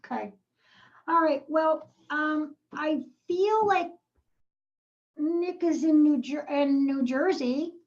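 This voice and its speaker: A woman's voice: high voice, slow pace, a little mellow, lo-fi sound. A woman psychic medium giving a live reading, asking probing questions and calling the sitter darling and sweetheart.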